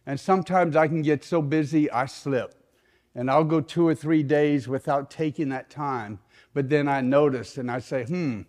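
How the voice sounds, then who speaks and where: A middle-aged man, a pastor preaching a sermon in an animated way that sinks into soft prayerful tones. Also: medium pitch.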